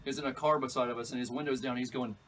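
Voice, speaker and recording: Excitable storytelling man, distant mic. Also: medium pitch, racing, a little hiss or hum. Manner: excitable, laughs while telling, acts out quoted voices. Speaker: alligator catcher, guest. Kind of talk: animated storytelling. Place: outdoors at an animal park.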